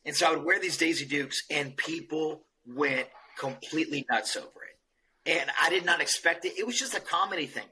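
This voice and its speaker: A man's voice: a little high, moderate pace, bright, forceful tone, slight background noise, low-quality recording. A man guesting on a podcast, telling jokey stories in casual chat and checking in with the listener as he goes. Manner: jokey storyteller, checks in with "okay?". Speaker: roofing company guest.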